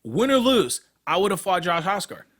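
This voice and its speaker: A man's voice: high-pitched, very animated, moderate pace, fairly bright tone. A young man co-hosting a casual podcast, talking about his fighting career in a blunt, profane, worked-up way. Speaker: podcast co-host, MMA fighter.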